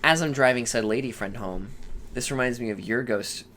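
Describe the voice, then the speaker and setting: A man's voice: medium pitch, normal speed. A young man co-hosting a podcast, telling stories in a casual way, cursing and acting out the voices of people in them. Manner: animated, swearing, acts out quoted voices. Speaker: podcast co-host. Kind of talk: casual storytelling chat. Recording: faint background noise.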